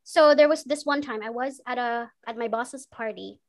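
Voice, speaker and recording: A woman with a high voice talks candidly as a podcast guest. She swears freely and laughs often as she speaks. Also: moderate pace. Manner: frank and profane, laughs often, switches between English and Tagalog. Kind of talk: candid conversational interview.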